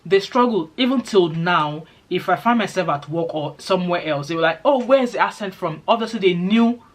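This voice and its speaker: A middle-aged woman from Nigeria with a Nigerian accent, chatting quickly and animatedly to her channel's viewers. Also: fairly low pitch. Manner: fast-talking, lively storytelling. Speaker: vlogger. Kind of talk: casual chat to camera.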